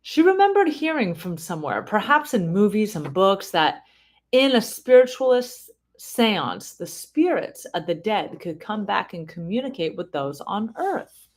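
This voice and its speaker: A woman's voice: mid-range voice, big pitch swings. A woman reading a family memoir aloud in a casual way, stopping often to comment and explain. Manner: reads slowly, breaks off to comment and explain.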